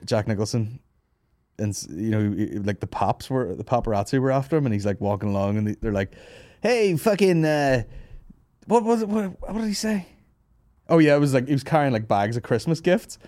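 A man's voice: mid-range voice, very animated, fairly quick, a little mellow, no echo, clean studio sound. A man hosting a comedy podcast, telling rambling, sweary stories and laughing at his own jokes. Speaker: podcast host. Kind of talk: casual comedy podcast banter.

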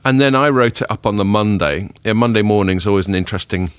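A man hosting a podcast in casual chat, rambling and self-deprecating, a little hungover and rough-voiced. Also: fairly low pitch, fast talker, dry recording. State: hungover, voice a bit deeper than usual. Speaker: podcast host.

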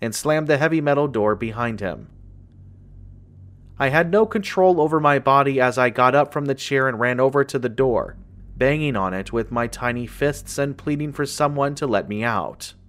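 A man with a mid-range voice narrates a horror story in the first person, keeping his delivery steady and measured. Faint music plays behind him.

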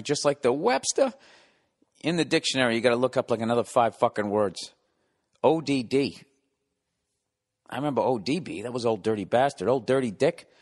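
A man's voice: lowish voice, long reverb tail. A man hosting a comedy podcast, delivering a casual, rambling monologue full of profanity and sarcasm. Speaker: podcast host.

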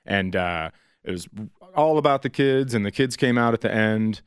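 A man's voice: lowish voice, expressive, moderate pace, clear, resonant tone, no echo. A man in his forties from northern Minnesota, a comedian chatting casually in an interview and telling stories in a dry, understated way. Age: 40s. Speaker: stand-up comedian.

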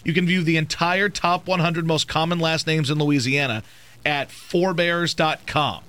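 A man hosting a sports radio show, bantering and teasing his co-host in quick, playful chat. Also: on the high side, fairly even intonation, pushed and bright, clear, resonant tone.

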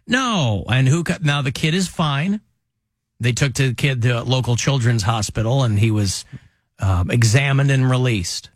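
A man hosting a radio talk show, chatting casually with rambling, animated asides. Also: medium pitch, moderate pace, no echo, studio quality. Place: radio studio.

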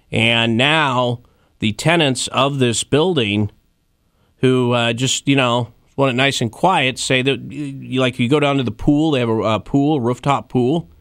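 A man's voice: mid-range voice, fairly bright tone, no echo, studio quality. A man in his thirties hosting a casual comedy chat about odd news stories, joking and rambling with fillers and asides. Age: 30s. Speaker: host.

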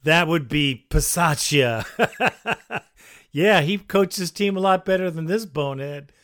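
A man's voice: a little high, unhurried, fairly bright tone. Chummy male sports radio host. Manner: casual, chummy, addresses callers as brother. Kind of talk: sports radio call-in talk.

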